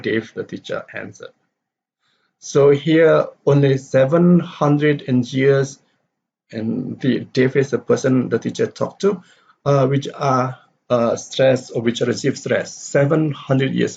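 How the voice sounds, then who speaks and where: A man explains word stress in a halting lecture, pausing often with fillers and restarting his sentences. His voice is husky. The recording sounds dull and lo-fi. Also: medium pitch, darkish tone. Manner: halting, many fillers and restarts, reads example sentences aloud. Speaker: English teacher.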